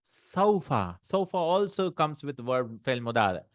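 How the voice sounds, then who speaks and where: A man's voice: mid-range voice, sing-song, no room sound. Man teaching Arabic grammar, dry sound. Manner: questioning, checks in with "right?" and "hmm?"; recites Arabic text quickly. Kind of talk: classroom lesson explaining grammar.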